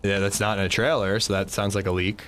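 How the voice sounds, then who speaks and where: A man's voice: on the low side, little pitch movement, fast talker, a bit bright, slight background noise. A man streaming a video game, chatting casually with friends in a rambling, restarting way and swearing often. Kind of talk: casual chat while gaming.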